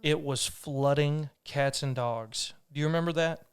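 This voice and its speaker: His voice sits a little high, smooth and unhurried, captured in a dry, studio-quality recording. This podcast host rambles earnestly through a personal story in casual conversation, often restarting.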